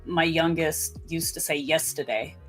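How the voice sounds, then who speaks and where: A woman's voice: deep voice, normal speed, soft background music, rough recording. A woman with a slight Southern US twang, chatting as a podcast co-host in a rambling way, often restarting her sentences. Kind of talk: casual chat.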